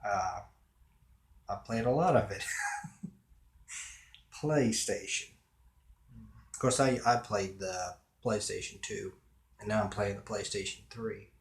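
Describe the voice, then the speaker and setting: A man's voice: on the low side, fairly even intonation, vocal fry, roomy sound. A man rambling to camera in a casual solo vlog, drawing out words and chuckling as he muses. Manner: slow, drawn-out words with chuckles. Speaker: vlogger.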